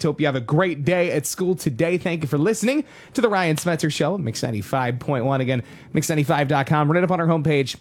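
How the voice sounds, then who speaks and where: A man hosting a morning radio show, delivering upbeat, joking commentary. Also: fairly high pitch. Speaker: radio host.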